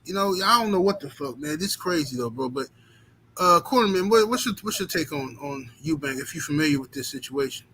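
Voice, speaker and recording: Host, male, profane casual stream chatter, tense bright tone. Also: fairly high pitch, lively intonation, fairly quick, slight background noise, poor audio. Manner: loose, profane, laughing asides, slangy. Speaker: boxing talk show host. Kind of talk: casual live-stream commentary.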